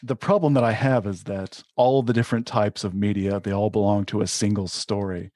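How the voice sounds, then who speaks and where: A man's voice: on the low side, steady tone, fairly quick, a little mellow, no echo. A man, an author, chatting as a guest on a podcast, earnest and appreciative, eager to explain his work. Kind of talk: casual podcast chat.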